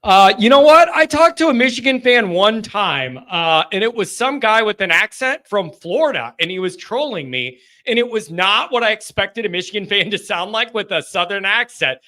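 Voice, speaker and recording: A man from the greater Chicago area hosts a live call-in show with a bright, high voice. He keeps things chatty and easygoing and laughs often. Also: lively intonation, normal speed, few pauses. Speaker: host.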